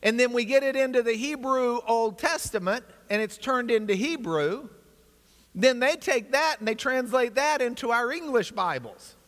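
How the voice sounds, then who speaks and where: A man with a strikingly high, bright voice leads a lively class lecture, his pitch swinging widely as he explains and jokes with the room. His words ring with the long reverb of a large hall. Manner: energetic, animated storytelling with asides to the class. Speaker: Bible class teacher.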